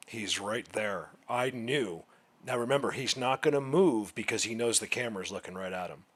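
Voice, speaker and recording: Low-voiced man giving reflective commentary. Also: expressive, moderate pace, a bit bright. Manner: reflective, earnest, hesitant. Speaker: vlogger.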